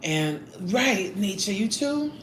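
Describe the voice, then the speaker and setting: A woman's voice: mid-range voice, sing-song, takes it slowly. Woman, 40s, live-streamer; playful, chatty, talks while eating; roomy echo, faint hiss. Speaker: livestreamer reading chat. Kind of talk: casual live-stream chat.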